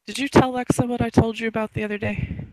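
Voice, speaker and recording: A woman voicing Rose, an earnest young woman, in a tabletop role-play with a slow, plain delivery. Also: fairly high pitch, flat delivery, a little mellow, no echo, voice pushed up, close to an everyday voice, poor audio.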